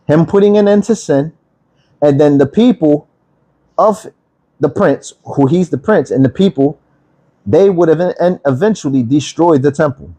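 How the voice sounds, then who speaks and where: A man with a mellow, darker-toned voice giving a livestream Bible lesson. He reads verses aloud and then breaks them down in plain talk, often pausing to ask "okay?" and "right?" to keep listeners with him. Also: on the high side, slightly rough. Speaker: bible teacher.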